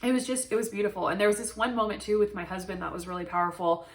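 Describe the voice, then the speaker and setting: A woman's voice: mid-range voice, steady tone, rapid-fire, recorded from a distance. A young woman telling a personal story to camera, earnest and emotional, with many "like" fillers. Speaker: new mother telling her birth story.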